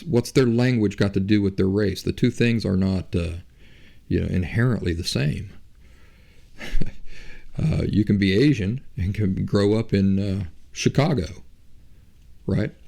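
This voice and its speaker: A low-pitched man with a gravelly edge and a mellow, dark tone. He hosts a podcast and makes his case in a loose, rambling monologue, full of rhetorical questions. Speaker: podcast host. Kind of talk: casual monologue.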